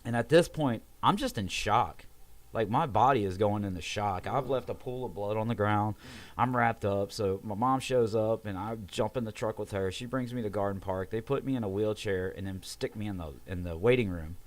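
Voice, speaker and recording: A man telling a long personal story in casual chat, animated and swearing freely. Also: fairly low pitch, moderate pace. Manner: animated, swearing, acts out quotes in raised voices. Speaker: podcast guest.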